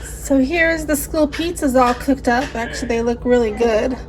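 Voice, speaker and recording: Speaking at a moderate pace in a high voice, a woman in her thirties rambles through a casual family vlog chat with plenty of fillers. She sounds tired, and her voice trails off.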